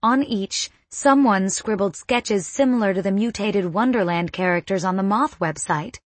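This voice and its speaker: A woman reading a first-person story aloud in a measured, vivid narration. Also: medium pitch, no echo. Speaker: audiobook narrator.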